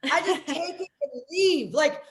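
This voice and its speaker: A woman from Las Vegas hosting a comedy show, doing loud, rambling, self-mocking stand-up. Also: sits high, expressive, measured pace.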